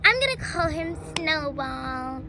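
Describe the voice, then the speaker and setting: A woman playing an excited young girl in a retold storybook, gushing and eager. Her voice is high and bouncy, over a noisy home recording. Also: slow pace, full character voice.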